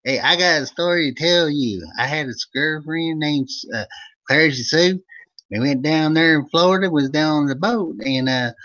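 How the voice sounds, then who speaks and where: A man's voice: moderate pace, highs cut off, close to an everyday voice. A man voicing Old Vern, a folksy country storyteller with an Eastern Kentucky accent. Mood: rambling yarn. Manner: loud, high-pitched, rambling yarn-spinning.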